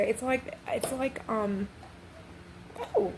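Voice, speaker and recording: A woman giving a rambling spiritual monologue for her vlog. She speaks in a meandering, reflective way and often drops into soft whispers. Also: on the high side, steady tone, takes it slowly, pauses often, a little hiss or hum, low-quality recording. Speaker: vlogger sharing spiritual channeling.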